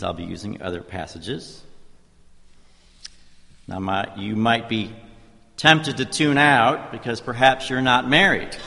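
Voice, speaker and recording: A middle-aged man preaching a sermon in a church, praying and telling stories in a measured, conversational way. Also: medium pitch, vocal fry, sharp tone. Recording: reverberant church hall.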